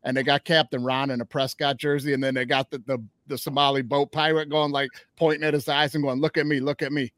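A man hosting a sports podcast, talking up his team with loud, trash-talking fan energy. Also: mid-range voice, flat delivery, fairly quick, few pauses, no echo, clean studio sound. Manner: hyped, trash-talking Detroit Lions fan. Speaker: podcast host. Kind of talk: casual sports betting chat.

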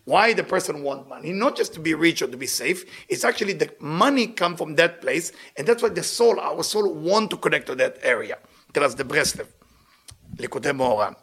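A man giving a religious lecture, telling stories in an animated way and often laughing. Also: on the high side, fast, slightly rough. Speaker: Torah teacher.

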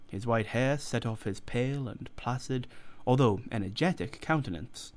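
Male storyteller for classic fiction. Steady, deliberate audiobook narration, middle pitch. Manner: measured, deliberate reading.

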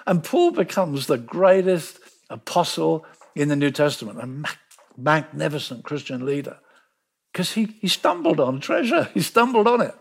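A man preaching a sermon, telling the story with lively emphasis and repeating words to drive points home. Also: fairly high pitch, normal speed, creaky, breathy edge. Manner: animated storytelling, acting out quoted voices.

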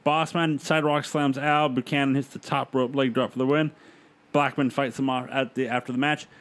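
A man's voice: mid-range voice, flat delivery, normal speed, fairly bright tone. A man casually recapping events play by play on a podcast, laughing along with his co-host.

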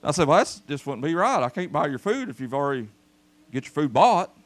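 A male pastor, speaking at a fairly high pitch and a little fast, preaches a folksy storytelling sermon at a church service. He is animated and calls out to his congregation.

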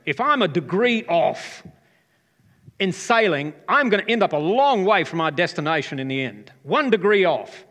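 A man's voice: on the high side, fairly bright tone. A man in his fifties, a pastor, preaching a sermon and joking with the congregation. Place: church hall. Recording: live hall reverb.

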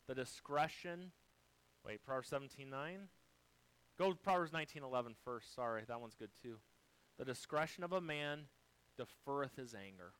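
A man's voice: medium pitch, clean tone, rough recording. Man preaching with big dynamic swings. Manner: dynamic preaching, swinging from loud to soft, quoting scripture. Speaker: pastor. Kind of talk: sermon.

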